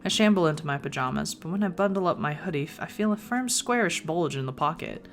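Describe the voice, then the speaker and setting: A woman's voice: on the low side, lively intonation, fast, faint music behind. A woman reading a visual novel aloud in the first person, with playful asides of her own. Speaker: gaming video creator.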